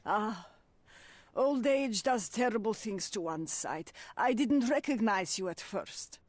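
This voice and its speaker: A woman's voice: mid-range voice, expressive, slow pace, no room sound. Scolding older landlady, half blind, prim, dry close sound. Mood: fond. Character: stern old landlady, nearly blind. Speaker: landlady in a game. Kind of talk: video game voice acting.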